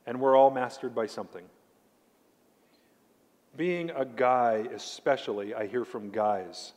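A man delivers a sermon as pastor in an everyday mid-range voice. He is emphatic, slows down to lean on key words and questions his listeners directly. His voice carries a long reverb from a large church hall. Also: mid-range voice. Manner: emphatic preaching, slowing down to stress key words; addresses the congregation directly with questions.

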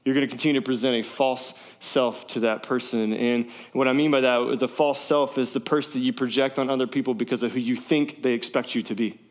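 A man's voice: mid-range voice, fairly even intonation, fairly quick, few pauses. A man preaching a sermon in a casual, conversational way, often asking his listeners questions. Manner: conversational, asks the audience questions. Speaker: pastor. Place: church service, also streamed online.

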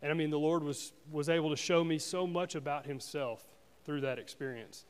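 A man giving a personal testimony at a church service, speaking earnestly and haltingly with frequent restarts. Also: a little high, fairly even intonation, smooth, long reverb tail. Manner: earnest, halting, with many restarts and "you know"s.

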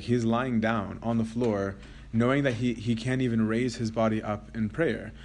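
A man's voice: mid-range voice, darkish tone. A man giving a Christian lecture, reading a passage aloud and then explaining it in a conversational way, often asking "right?".

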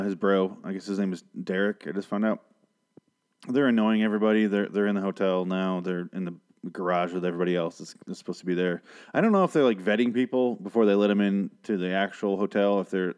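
A man with a fairly low voice hosts a laid-back episode review. He talks in a rambling, sarcastic way and swears freely as he goes. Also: a little mellow, smooth. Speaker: host of a TV review show.

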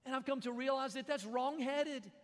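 A man's voice: extremely high pitch, normal speed, a bit bright, big-room sound. A man preaching a sermon, conversational, with jokes and repeated phrases. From American South. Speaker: pastor.

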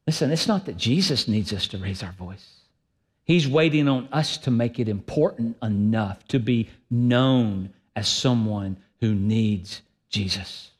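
A man preaching a sermon as pastor, emphatic and swinging between loud and soft delivery. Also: lowish voice, a little slow, breathy edge.

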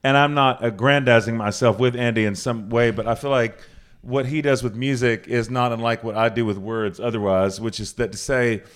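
A man's voice: medium pitch, fairly even intonation, moderate pace, smooth. Rambling man hosting a house show. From Charlotte, North Carolina. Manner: rambling, self-interrupting, jokey. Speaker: podcast host. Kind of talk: casual live talk at a house concert. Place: living room house show with a small audience.

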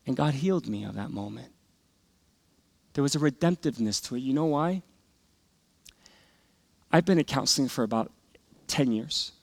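A middle-aged man preaching and telling a personal story in earnest, rising loud and falling to near whispers. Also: mid-range voice, lively intonation, moderate pace, gravelly, long pauses, no echo. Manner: earnest, emotional storytelling that swings from loud to hushed. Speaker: pastor. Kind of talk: sermon testimony.

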